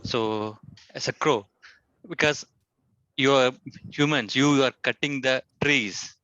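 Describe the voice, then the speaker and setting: A man voicing an earnest male crow in an amateur skit, explaining haltingly with fillers. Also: mid-range voice, sharp tone, no echo, dull audio.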